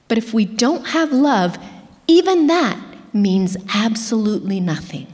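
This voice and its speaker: Woman preacher, fairly high voice, earnest and emphatic, echoing hall. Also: sing-song, unhurried, a little mellow. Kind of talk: sermon. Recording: reverberant hall.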